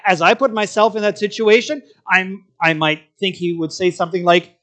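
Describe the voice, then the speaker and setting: High-voiced man preaching a sermon. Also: moderate pace, few pauses. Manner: animated storytelling, acts out quotes in different voices.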